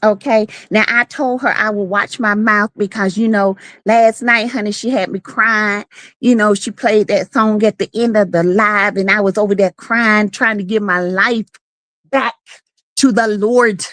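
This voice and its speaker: A woman's voice: mid-range voice, steady tone, measured pace, fairly bright tone, no echo. A woman in casual live-stream chat, sassy and playful, teasing and greeting viewers by name.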